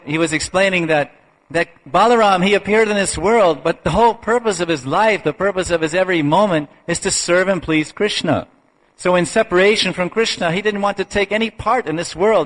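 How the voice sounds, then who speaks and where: A man gives a devotional lecture, his voice sitting a little high for a man. He tells the old stories at an easy, unhurried pace, often restarting a phrase to find the right words. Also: low-quality recording. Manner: unhurried, halting storyteller with restarts and soft laughs. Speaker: spiritual lecturer.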